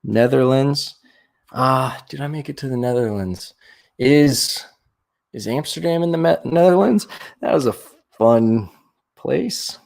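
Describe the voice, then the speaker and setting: Young man, livestream host, gravelly fry, middle pitch, rambling casual chat, lots of restarts. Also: a little slow, darkish tone. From Florida, USA. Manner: rambling, chatty, with many restarts and fillers. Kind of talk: casual live-stream chat.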